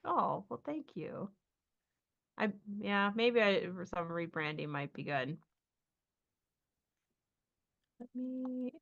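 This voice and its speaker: A woman's voice: on the high side, lively intonation, measured pace, pitched above the performer's own voice. A woman voicing a flustered male stage magician who talks awkwardly and halts with many ums. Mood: flattered. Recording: dull lo-fi sound.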